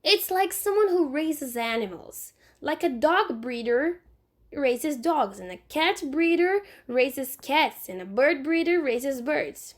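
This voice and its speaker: A woman's voice: high voice, expressive, slow. A woman reading aloud and voicing a bossy, self-assured young girl who insists on being in charge. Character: bossy know-it-all young girl babysitter.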